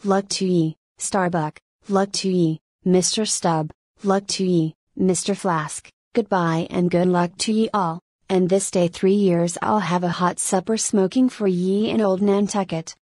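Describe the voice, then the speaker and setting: A woman reading the lines of a brisk old male sea captain in an audiobook, calling out slow, deliberate commands. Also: fairly low pitch, fairly even intonation, a little mellow, no echo, studio quality. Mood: urging. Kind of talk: audiobook narration.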